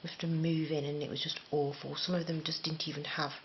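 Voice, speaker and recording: Chatty woman, low gravelly voice. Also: level tone, fast talker, a little hiss or hum. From England. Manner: chatty, rambling, self-deprecating. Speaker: crochet teacher. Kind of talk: casual spoken tutorial. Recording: slightly dull lo-fi recording.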